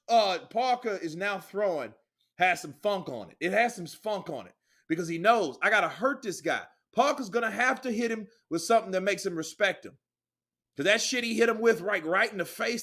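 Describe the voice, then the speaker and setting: A man with a high voice calls a boxing match live, rapidly narrating punches in a casual, excitable play-by-play and swearing freely.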